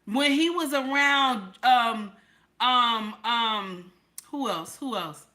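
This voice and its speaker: A woman live-streamer talks slowly and deliberately in a fairly high, bright voice. She hammers her points with repetition and rhetorical questions and calls her audience baby and honey. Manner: emphatic, repeats herself, fires rhetorical questions. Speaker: live-stream host reading viewer comments. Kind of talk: opinionated live-stream commentary.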